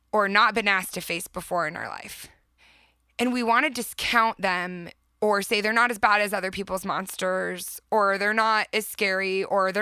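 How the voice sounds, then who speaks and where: Bright earnest woman podcast host. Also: medium pitch, smooth, no room sound. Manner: earnest, emphatic, often laughing. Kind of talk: motivational podcast talk.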